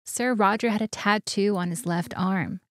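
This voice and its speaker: A woman's voice: medium pitch, normal speed, no echo. A woman co-hosts a casual podcast and walks through the story from her notes. She laughs easily between facts, and her voice sits in a middle register. The sound is dry and close, with no room around it. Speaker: podcast co-host.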